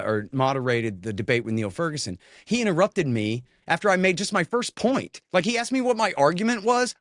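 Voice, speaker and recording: A man's voice: mid-range voice, dry recording, studio quality. A man as an interview guest talking in a blunt, rambling, cranky way, full of fillers and restarts, tired from little sleep. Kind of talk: casual conversation.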